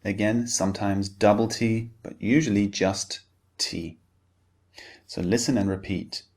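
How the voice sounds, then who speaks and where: Man, pronunciation lesson, very slow, clearly enunciated, fairly low voice. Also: fairly even intonation, darkish tone. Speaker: pronunciation teacher.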